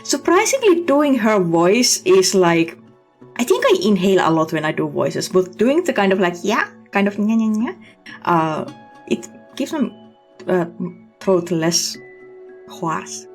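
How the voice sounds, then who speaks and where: A woman's voice: lowish voice, very animated, measured pace, faint music behind. A woman streamer chatting casually and candidly while playing a game. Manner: chatty and candid, reacting with laughs.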